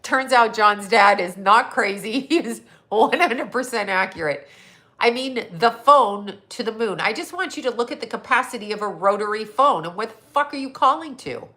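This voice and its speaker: A middle-aged woman, a psychic and astrologer, chatting on a livestream in a hoarse, scratchy voice, mocking and sarcastic, laughing often and swearing. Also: fairly high pitch, lively intonation, moderate pace, bright, forceful tone. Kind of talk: casual livestream chat.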